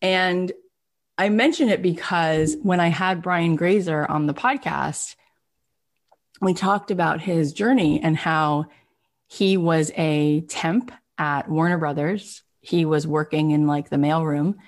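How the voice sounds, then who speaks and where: A woman podcast host telling a story in a casual, animated way, full of "like" fillers and lively acted-out quotes. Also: deep voice, slow pace. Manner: animated, chatty, many "like" fillers.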